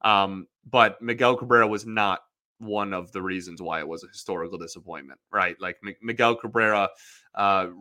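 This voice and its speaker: A man's voice: lowish voice, sharp tone, no echo, studio quality. Emotional rambling male podcast host. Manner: emotional, rambling, frequent restarts. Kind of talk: casual sports podcast monologue.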